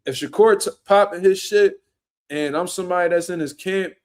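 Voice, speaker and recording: A young man, a boxer, telling animated, profane stories in street slang during a casual podcast chat. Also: high-pitched, normal speed.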